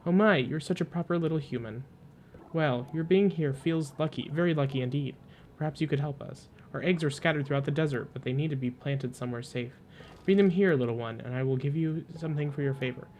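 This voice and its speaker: A man voicing a gentle, motherly female queen of desert creatures, speaking graciously and formally over soft game music. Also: fairly high pitch, a little fast, slight background noise, lightly acted. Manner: gracious, cooing, slightly formal.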